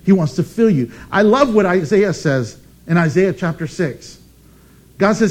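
A man preaching a sermon as pastor, emphatic and animated, with dramatic pauses. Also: sits high.

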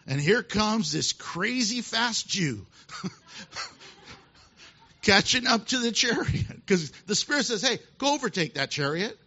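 Guy pastor preaching, lively storytelling, high bright voice, kinda dull lo-fi recording. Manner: animated storytelling with laughs and quick asides. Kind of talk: sermon. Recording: dull lo-fi sound.

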